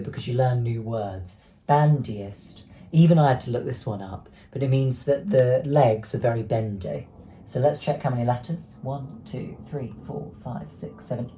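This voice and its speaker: A young male teacher giving an online lesson to children, explaining step by step in a clear, encouraging way. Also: mid-range voice, warm tone, a little hiss or hum. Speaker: primary school teacher.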